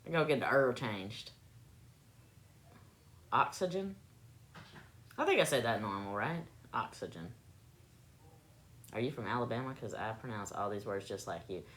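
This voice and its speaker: A woman's voice: very deep voice, lively intonation, a little slow, pauses often, a bit bright. A woman from South Carolina with a Southern accent, casually chatting with her live audience and playfully testing how she says words. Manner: laid-back, playful, repeats words to test her pronunciation. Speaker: livestream host.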